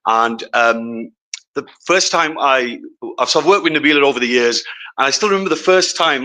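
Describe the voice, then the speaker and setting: Bright-voiced man co-hosting a live event. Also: medium pitch, rough recording. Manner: measured, slipping in words of a home language. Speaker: co-host. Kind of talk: live speech to an audience. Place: event venue before a live audience. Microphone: stand microphone.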